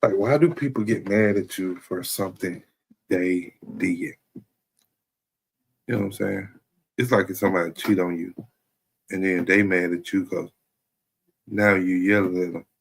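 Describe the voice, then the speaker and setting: A man's voice: low-pitched, moderate pace, vocal fry, long pauses, slight background noise. A man talking in a loose, rambling comedic monologue as a stream host, often checking in with "you know what I'm saying". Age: adult.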